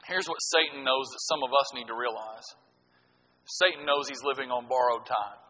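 A middle-aged man preaching a sermon, swinging from loud, punchy lines to hushed ones. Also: mid-range voice, moderate pace, long reverb tail, rough recording. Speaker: pastor.

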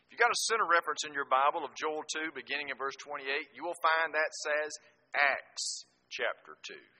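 A middle-aged man preaching a sermon, swinging from booming emphasis to slow, hushed scripture reading. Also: expressive.

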